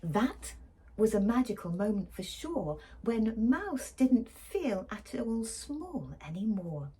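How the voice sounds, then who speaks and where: A woman teacher reading a picture book aloud to children, often whispering and pausing to ask the listeners questions. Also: medium pitch, very animated, dark tone, breathy edge.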